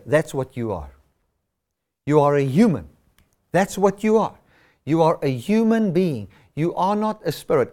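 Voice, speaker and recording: Emphatic preacher, animated pitch. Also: male voice. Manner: emphatic, repeats key words for stress. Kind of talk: sermon.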